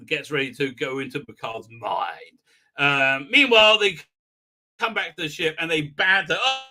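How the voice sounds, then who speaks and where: A man's voice: fairly high pitch, pushed and bright. A man hosting a live stream, recapping an episode in a rambling, sarcastic way with many fillers. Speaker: host.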